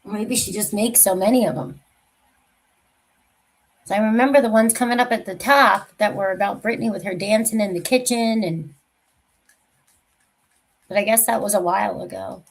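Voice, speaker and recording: A woman hosting a casual livestream chat who talks in a soft, rambling way and often trails off. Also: medium pitch, normal speed, gravelly, pauses often, low-quality recording. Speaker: livestream host.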